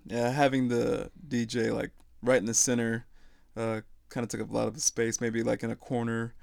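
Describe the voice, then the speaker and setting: A young man co-hosting a podcast in laid-back casual chat, blunt and quick to swear. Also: mid-range voice, completely flat delivery, creaky, a little mellow, no room sound, studio quality. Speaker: podcast co-host.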